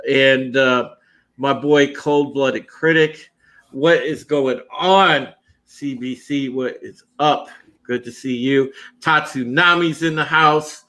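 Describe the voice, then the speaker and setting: A man's voice: mid-range voice, slow pace, sharp tone. A man hosting a live podcast panel, chatty and upbeat, greeting his chat and laughing often. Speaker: podcast host. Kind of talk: casual live-stream chat.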